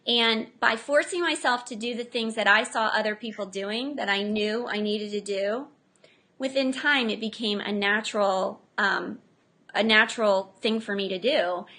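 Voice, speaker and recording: A middle-aged woman, an entrepreneur guest in a casual interview, telling lively stories and acting out what people said. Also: mid-range voice, measured pace. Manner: animated storyteller, acts out quotes.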